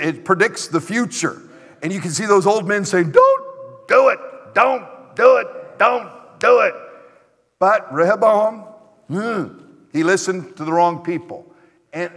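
A male pastor preaching a sermon, animated and emphatic, repeating his exhortations. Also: sits high. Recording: echoey hall.

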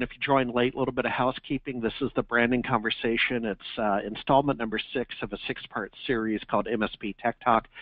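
A man's voice: mid-range voice, no echo. Man hosting over a tinny phone line. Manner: repeats words at starts, upbeat plugs. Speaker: webinar host. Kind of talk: casual webinar hosting.

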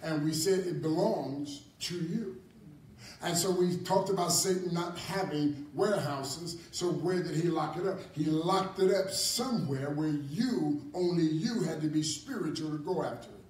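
A man preaching a Bible class in a church hall, animated and repetitive, often chuckling. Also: on the high side, normal speed. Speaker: apostle teaching a ministry class. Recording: echoey hall from far off, faint noise.

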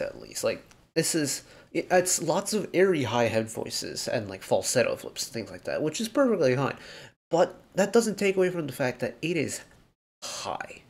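A K-pop reaction host, a man, dissects a music video's arrangement in a loose, rambling way, thinking out loud. His pitch is ordinary and mid-range, and his casual talk is thick with fillers as he reasons things through analytically.

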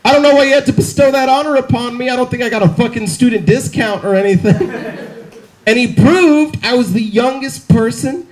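A man's voice: very high-pitched, brisk. A man in his twenties doing a stand-up set outdoors in the rain on a handheld mic, with wry, self-mocking punchlines. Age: 20s. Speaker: stand-up comedian. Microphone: handheld stage mic.

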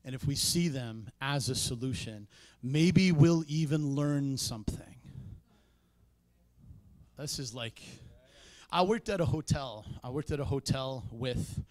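A pastor preaches a sermon in a church, keeping a conversational tone broken by sudden loud, emphatic peaks. His voice is medium-pitched and unhurried, with no echo.

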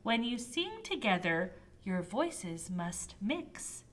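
A woman reading aloud and voicing a brave, eager young male knight in a high, earnest voice. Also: big pitch swings, slow, fairly bright tone, exaggerated voice.

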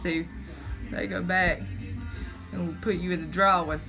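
A woman's voice: lowish voice, fairly even intonation, measured pace, music in the background. A woman chatting on a live stream from her phone at home, selling makeup in a folksy, nervous way, calling everyone "honey" and "child.". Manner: jittery, talks through nerves. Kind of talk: casual live-stream chat.

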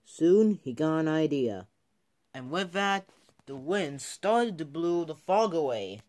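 A man narrating a homemade train story, halting often and restarting his sentences. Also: fairly high pitch, animated, darkish tone. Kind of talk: improvised toy-train storytelling.

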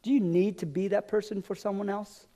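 High-voiced man preaching a sermon. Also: fairly even intonation, fairly quick. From America. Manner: storytelling, dropping low and soft at line ends. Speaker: pastor. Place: church. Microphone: live-streamed stage mic.

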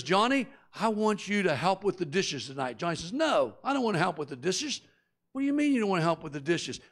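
A middle-aged male preacher with a gravelly edge and a slightly high voice. He tells folksy stories and voices their characters, then shifts into an earnest, confessional sermon. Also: fairly bright tone. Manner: folksy storyteller acting out characters. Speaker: guest preacher. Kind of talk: sermon with storytelling.

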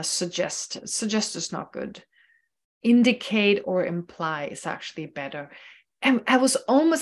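A woman teaching Buddhist philosophy in an online class, explaining carefully and repeating key phrases. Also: mid-range voice. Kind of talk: online lecture. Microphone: online class microphone.

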